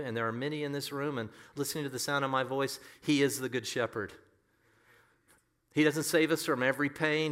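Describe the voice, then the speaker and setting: A man's voice: medium pitch, fairly bright tone. A male pastor preaching a sermon in an earnest, emphatic way, often pressing a point home by repeating it.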